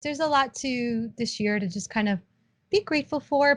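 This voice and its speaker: A woman's voice: on the high side, moderate pace, dry recording. A woman co-hosting a podcast in casual chat, chatty and self-teasing. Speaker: podcast co-host.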